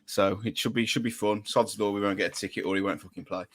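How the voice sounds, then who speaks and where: A man's voice: on the low side, fairly even intonation, quick pace, a loud crowd. A young man chatting casually as host of a live football fan stream, reading viewer comments aloud.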